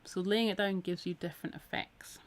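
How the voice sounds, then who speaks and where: This live-streamed craft tutorial features a Scottish woman needle felting and chatting encouragingly while she works. Her lowish voice moves fairly quickly with fairly even intonation, a little tired from a week of talking.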